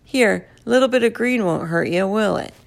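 A jolly, talkative male night janitor who chats and cracks jokes in a friendly way, as a woman reads him aloud from a storybook. His voice carries a heavy gravelly fry. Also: mid-range voice, normal speed, lightly acted. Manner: chatty, jokey, friendly. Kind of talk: storybook reading.

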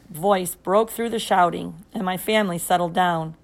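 A woman's voice: on the low side, moderate pace, few pauses. Woman narrating a storybook. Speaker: audiobook narrator. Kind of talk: first-person storybook narration.

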